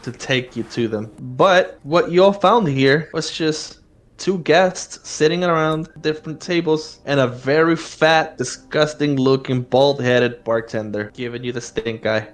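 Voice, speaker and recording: A man narrating a horror tabletop game as game master, casual and quick to laugh. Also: on the high side.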